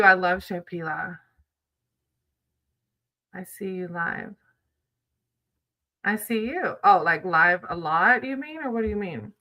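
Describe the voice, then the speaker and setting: A woman's voice: medium pitch, pushed and bright, rough recording. A woman chatting casually with viewers on a livestream, greeting them by name and reading tarot cards.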